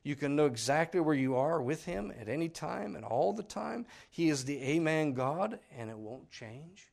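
A man preaching a sermon in a fairly high, very lively voice. He drives his points home with loud declarations, then drops to near-whispered asides and asks his listeners questions. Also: moderate pace, gravelly.

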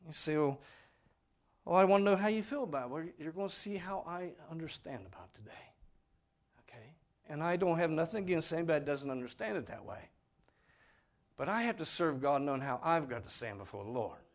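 A man's voice: fairly high pitch, animated, a little fast. A man preaching a sermon in a folksy, earnest, pleading way, speaking plainly to his congregation. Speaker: pastor.

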